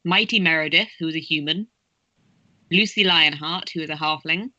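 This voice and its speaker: A woman narrating as game master of a tabletop game, chatty and quick to giggle. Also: low-pitched, sharp tone, no room sound, muffled recording.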